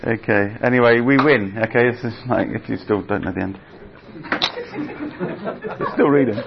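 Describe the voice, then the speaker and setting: A man's voice: medium pitch, moderate pace, gravelly, a crowd in the background. A man preaching a sermon in a chatty, conversational way, acting out voices as he retells stories. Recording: slightly dull audio with faint background noise.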